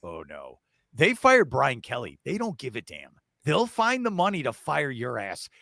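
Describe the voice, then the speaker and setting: On a sports show, an excitable man jokes his way through football talk at normal speed. His bright, somewhat gravelly voice swings widely in pitch, and the recording is dry and close.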